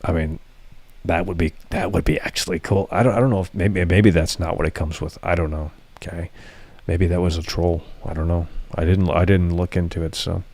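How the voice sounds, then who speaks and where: A man's voice: deep voice, fairly even intonation, a little fast, darkish tone. A man streaming live, chatting casually to his viewers, rambling and swearing freely. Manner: profane, rambling, talks to chat. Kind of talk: casual livestream chat.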